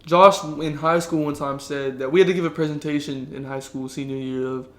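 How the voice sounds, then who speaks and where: A nineteen-year-old man from Southern California, co-hosting a casual podcast chat, telling stories with lots of swearing and quick impressions of people he quotes. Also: a little high, roomy sound. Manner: animated storytelling, swears a lot, does voices of people he quotes. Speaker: podcast co-host.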